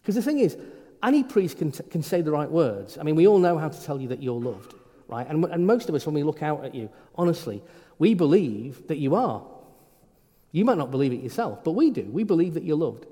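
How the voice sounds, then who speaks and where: A man's voice: on the high side, very animated, a little fast, warm tone. A middle-aged man, a priest, preaching an informal sermon in a conversational way, often stumbling and restarting his words. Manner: conversational, frequent stammered restarts. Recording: reverberant hall.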